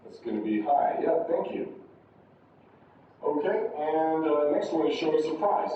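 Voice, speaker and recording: A man teaching a university English class, giving patient step-by-step instructions and acting out exaggerated high and low intonation examples. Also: lively intonation, normal speed, slight background noise. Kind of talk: classroom lesson. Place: large classroom. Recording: roomy, distant, dull classroom audio.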